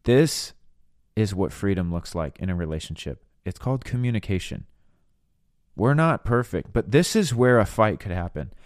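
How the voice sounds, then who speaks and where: A man's voice: lowish voice, very animated, moderate pace, dry recording, clean studio sound. A young adult man hosting a ministry podcast, talking through relationships in a candid, earnest, conversational way. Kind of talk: casual teaching monologue.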